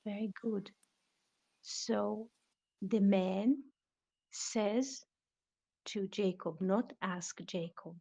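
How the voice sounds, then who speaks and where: A woman teaching a live online Bible lesson, speaking deliberately and quizzing her students. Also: mid-range voice, vocal fry, dark tone, slightly rough. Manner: slow, deliberate, questioning students. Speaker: Biblical Hebrew teacher. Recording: dull lo-fi online audio room.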